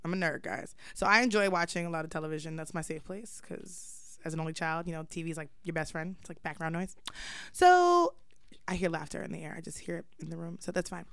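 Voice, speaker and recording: A young adult woman hosting a podcast, telling a story in lively, profane slang. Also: lowish voice, quick pace, clear, resonant tone, no echo. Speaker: podcast host. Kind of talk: casual chat, storytelling.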